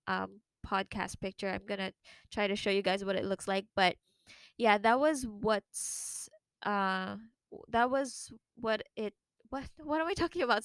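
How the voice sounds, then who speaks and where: A young woman hosting a casual solo podcast, chatty and animated, her voice leaping higher whenever she quotes herself. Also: smooth, no echo. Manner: chatty and animated, jumps to a high voice when quoting herself. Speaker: podcast host.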